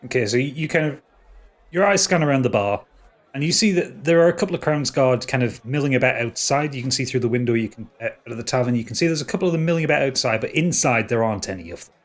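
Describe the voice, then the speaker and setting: A man's voice: mid-range voice, animated, fast talker. A man narrating as game master of a tabletop game, often stopping and repeating words.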